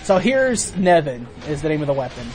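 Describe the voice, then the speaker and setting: Man, let's play host, fairly high voice, very animated pitch, giggly and chatty, faint game music behind. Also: fairly quick, a crowd in the background. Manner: chatty, laughs often, explains game mechanics. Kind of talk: casual gameplay commentary.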